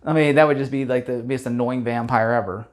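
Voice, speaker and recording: A man's voice: medium pitch, fairly even intonation, fairly quick. Rambling man recapping a film. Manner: rambling, filler-heavy with many restarts and chuckles; blunt, opinionated. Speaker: movie reviewer. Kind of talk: casual spoken movie recap.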